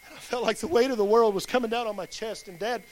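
A man's voice: high-pitched, quick pace, darkish tone. A pastor, plain-spoken and folksy, giving a sermon with his personal testimony.

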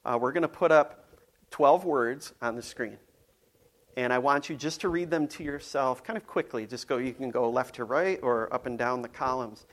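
A man's voice: medium pitch, normal speed. A man preaching a casual, conversational sermon, playful and full of ums and restarts. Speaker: pastor.

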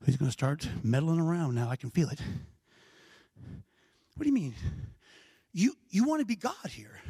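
A man preaching a sermon as pastor, animated and conversational, tossing in frequent asides to the congregation. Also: fairly high pitch, gravelly, husky, no echo.

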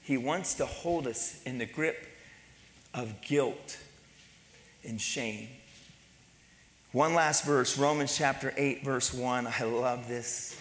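A pastor delivering a sermon to his church, swinging between hushed, low passages and raised, emphatic ones. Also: slow, long pauses. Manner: preaching with dynamic swings between soft and loud. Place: church sanctuary. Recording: echoey church hall.

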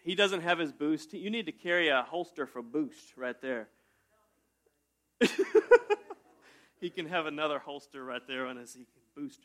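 A man preaching a casual sermon in a church, talking to his congregation like friends. He jokes often and breaks into sudden loud bursts before settling back down. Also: a little high, a little slow, pauses often. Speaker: pastor. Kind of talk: conversational sermon.

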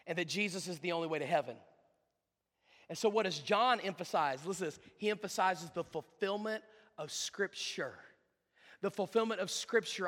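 Male pastor, high voice, passionate sermon with loud peaks and hushed asides, long church reverb. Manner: swings from loud emphatic preaching to low quiet asides.

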